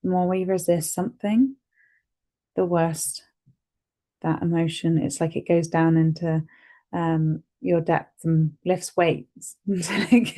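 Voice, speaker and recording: Calm woman with a gravelly low voice. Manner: calm, gentle, repeats phrases for the listener. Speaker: EFT tapping guide. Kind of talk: guided tapping session.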